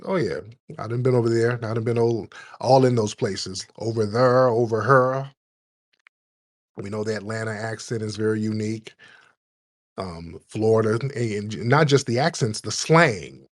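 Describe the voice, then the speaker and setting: A man hosts a call-in show in a husky, slightly rough voice. He talks bluntly and casually, teasing his callers and lecturing at length. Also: fairly low pitch, normal speed.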